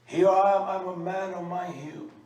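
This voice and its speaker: A man's voice: high voice, fairly even intonation, normal speed, darkish tone, muffled recording. Fiery male preacher in an echoey room. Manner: emphatic and scolding, with frequent uh fillers. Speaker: religious teacher. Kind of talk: fiery sermon teaching. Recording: echoey room, mic at a distance, faint background noise.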